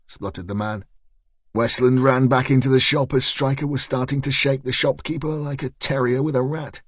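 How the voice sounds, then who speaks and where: An audiobook narrator, a man with a mid-range voice, reads scripted narration in a steady, measured storytelling manner. He's on a close studio mic, and the recording is dry.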